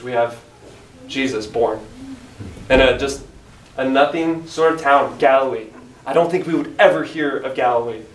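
In a church room, a man with a mid-range voice teaches a Bible study earnestly and emphatically, reading scripture aloud. The mic is far from him, and the room is echoey with a faint hiss.

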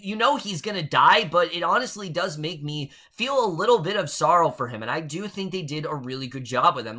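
A man's voice: a little high, sharp tone. A young man recapping and reviewing a TV episode in casual chat, opinionated and sometimes sarcastic. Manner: chatty, opinionated, sarcastic asides.

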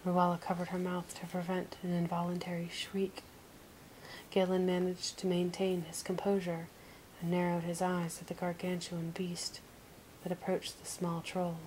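A woman reading a fantasy audiobook in a soft, slow whisper. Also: fairly low pitch, monotone, slight background noise, low-quality recording. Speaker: audiobook reader.

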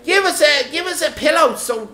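A man's voice: very high-pitched, lively intonation, normal speed, pushed and bright, echoey room. An Irish man bantering on a live stream, rambling and teasing in local slang.

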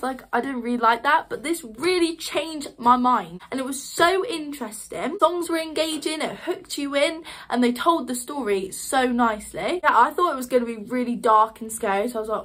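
A woman's voice: a little high, moderate pace, hardly any pauses, a bit bright. A young woman reviewing a musical on her vlog, gushing and chatty, full of fillers. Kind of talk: excited casual review.

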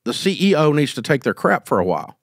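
A man's voice: on the high side, sing-song, quick pace, no room sound, clean studio sound. A middle-aged man, hosting and giving business advice in a casual, folksy, emphatic way. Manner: folksy, emphatic, acts out quoted scenes.

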